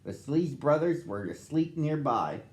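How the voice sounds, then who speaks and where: Brief: animated man reading to children, roomy echo. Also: on the high side, a little slow. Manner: expressive, addressing children. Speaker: storyteller for children. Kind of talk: storybook reading.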